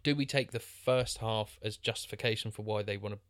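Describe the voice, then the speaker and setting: A man's voice: lowish voice, steady tone, brisk, a bit bright, no room sound, studio quality. A man co-hosting a podcast, chatting casually about a film with many restarts and fillers. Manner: rambling, lots of restarts and fillers. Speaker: podcast co-host.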